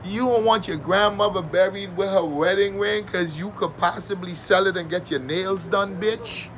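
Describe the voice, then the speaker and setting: A man's voice: high voice, moderate pace, a bit bright, slight background noise. A man doing a profane comedic rant, mocking and sarcastic, swearing constantly and breaking into fake wailing.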